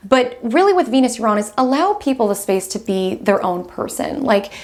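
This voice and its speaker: Animated chatty young woman. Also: on the high side, moderate pace. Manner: animated, chatty, laughs often. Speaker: astrology host. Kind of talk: casual astrology vlog talk. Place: room at home with window open.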